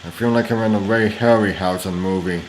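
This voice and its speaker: A man with a fairly low voice talks through gameplay in a loose, rambling way. He breaks into loud, playful shouts when a fight heats up. Clear background noise and clicks sit under his voice. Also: steady tone, brisk, rough recording. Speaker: gaming video host.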